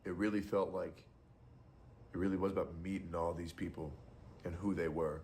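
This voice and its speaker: A man's voice: sits low, steady tone, normal speed, darkish tone, a little hiss or hum. A young adult man streamer giving casual, blunt and profane commentary.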